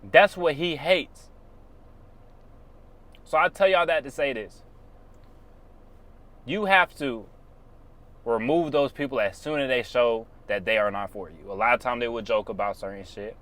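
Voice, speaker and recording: A man's voice: mid-range voice, unhurried, pauses often, fairly bright tone. A man on his own channel giving blunt, preachy motivational advice in casual, slangy speech. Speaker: YouTuber.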